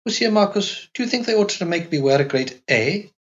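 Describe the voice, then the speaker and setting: A man's voice: high-pitched, lively intonation, a little fast, fairly bright tone, dull audio, pitched above the performer's own voice. A man reading an audiobook aloud, voicing a naive, childlike young woman with a light, girlish voice. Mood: wistful.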